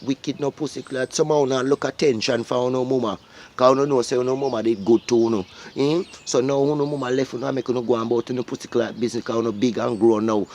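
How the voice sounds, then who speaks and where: A man's voice: medium pitch, darkish tone, slight background noise. Profane ranting Jamaican man. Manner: preachy, profane, repeats questions like "Eh?". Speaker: vlogger. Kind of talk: ranting monologue to viewers.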